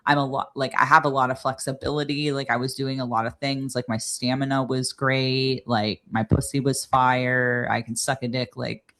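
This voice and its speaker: A woman's voice: very deep voice, level tone, normal speed, a bit bright. Blunt, profane woman in casual chat. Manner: blunt, profane and frank, heavy use of "like". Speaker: podcast co-host.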